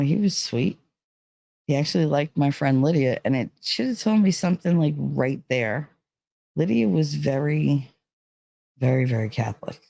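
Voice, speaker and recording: A woman's voice: extremely low pitch, gravelly, mellow, no echo. A woman telling a personal story in a casual, rambling way, full of "like" and "you know.". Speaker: vlogger.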